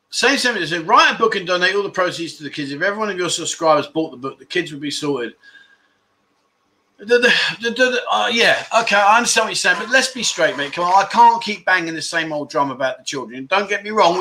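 Bright-voiced jokey man. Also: high voice, lively intonation, a little fast. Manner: jokey, chatty, self-mocking banter. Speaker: livestream chat show host. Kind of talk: casual livestream chat reading viewer comments.

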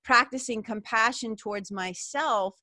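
A woman's voice: fairly high pitch, unhurried, bright, forceful tone, no echo. A woman hosting an interview podcast, talking in an effusive, rambling way with many restarts. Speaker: podcast host. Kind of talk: casual interview chat.

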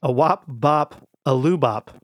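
A man's voice: medium pitch, unhurried, dry recording, clean studio sound. A man co-hosting a comedic podcast, talking through song lyrics and half-singing them between laughs. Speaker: podcast co-host. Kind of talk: casual comedic chat.

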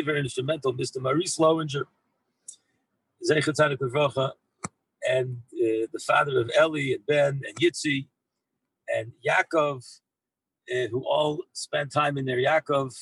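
A man who heads a yeshiva, telling an anecdote in an animated way to his former students, mixing in Hebrew and Yiddish words and often repeating himself as he goes. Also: medium pitch, breathy edge, dry recording, poor audio. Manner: frequent repeats and restarts. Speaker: rabbi and yeshiva head. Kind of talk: storytelling talk to former students.

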